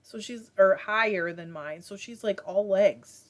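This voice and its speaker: A Michigan woman hosts a casual livestream, chatting and reading viewer comments aloud with plenty of fillers. Her voice is medium-pitched and her pace unhurried.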